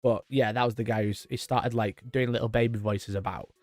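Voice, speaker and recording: In his twenties, this host chats casually on a live stream, rambling, swearing and laughing a lot. He speaks in a lowish, steady, slightly mellow voice a little quickly, with no echo and faint music behind.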